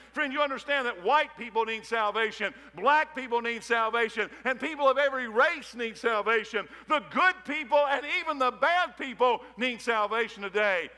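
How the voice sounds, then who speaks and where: A pastor preaches a fervent sermon in a church sanctuary, repeating his points and dropping in folksy asides. His very high voice sounds pushed and bright. Long hall reverb fills the church recording.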